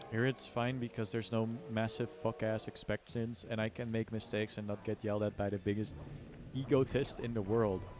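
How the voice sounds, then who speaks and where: A man with a lowish voice chats loosely on a live stream. He rambles, mocks himself and swears in passing. Soft music sits faintly behind him. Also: level tone, normal speed, hardly any pauses. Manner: rambling, self-mocking, casual swearing. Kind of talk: casual live-stream chat.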